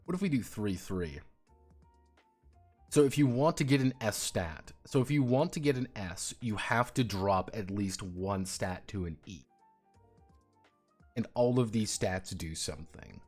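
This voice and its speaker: A man's voice: lowish voice, expressive, unhurried, darkish tone, faint music behind. A man chatting casually on his stream, swearing freely and laughing hard while he tells stories. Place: home streaming setup.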